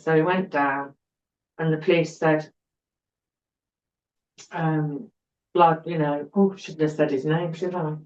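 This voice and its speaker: A woman's voice: sits low, fairly even intonation, takes it slowly, pauses often, a little mellow. Woman, earnest, in a roomy room. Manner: earnest, repeats words for emphasis. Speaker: podcast guest. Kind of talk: personal storytelling interview. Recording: roomy, dull-sounding recording.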